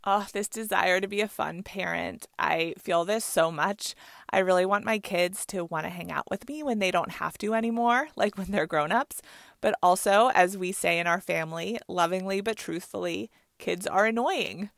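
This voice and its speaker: A woman in her thirties narrates her podcast in a candid, storytelling way. Her voice sits low and has a gravelly fry. The recording is close and dry. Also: normal speed, no echo. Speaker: podcast host.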